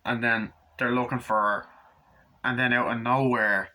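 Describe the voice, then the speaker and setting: A man casually retelling a movie scene by scene, rambling and swearing, jumping into excited high voices for the characters. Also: normal speed. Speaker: movie reviewer.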